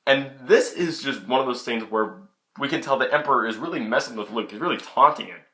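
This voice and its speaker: Young man, casual vlog review, excitable, bright tone, camera mic. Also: mid-range voice, a little fast. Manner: chatty, excitable, many restarts. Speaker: film reviewer.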